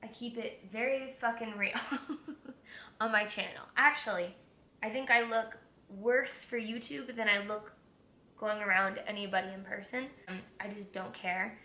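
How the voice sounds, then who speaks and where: A young woman vlogs from her home kitchen while cooking, chatting candidly, giggling often and swearing freely. Her medium-pitched voice is a little slow with a sharp tone, and the sound is roomy.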